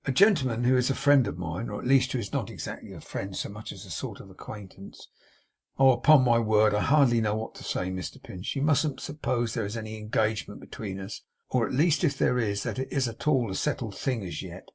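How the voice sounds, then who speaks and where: A man with a gravelly, husky voice playing a prim, affected young woman who is jealous and spiteful, in an audiobook reading. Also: fairly low pitch, brisk. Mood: simpering. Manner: affected, simpering, sharp, huffy.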